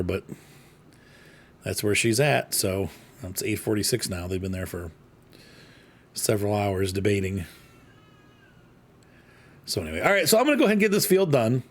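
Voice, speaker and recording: A man casually commenting while he plays a farming game, rambling, joking and talking to himself. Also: on the low side. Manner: rambling, playful, jokey asides. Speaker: gaming channel host.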